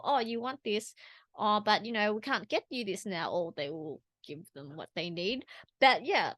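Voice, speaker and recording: A woman's voice: on the high side, fairly bright tone, no echo. A woman talking straight to camera in a personal vlog, earnest and rambling, with restarts and asides. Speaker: vlogger.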